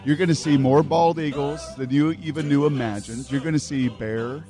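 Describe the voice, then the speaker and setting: A man's voice: fairly high pitch, fairly even intonation, normal speed, music in the background. A man in his forties bantering on a radio talk show, teasing and playful.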